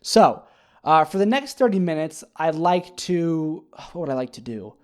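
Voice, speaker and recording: A man talking casually on his own, retelling a TV episode in a rambling, animated way with many fillers and restarts. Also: a little high, normal speed. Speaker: podcast host. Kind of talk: casual solo recap chat.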